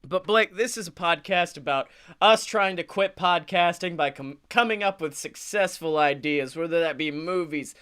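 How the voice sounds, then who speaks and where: High bright-voiced man telling stories. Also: normal speed, few pauses, smooth. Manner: animated, acts out quotes, laughs often. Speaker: podcast co-host. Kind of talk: casual comedic storytelling.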